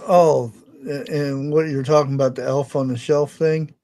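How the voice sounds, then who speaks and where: A man's voice: fairly high pitch, fairly even intonation, moderate pace, warm tone. A man in a casual chat, amused as he retells funny videos.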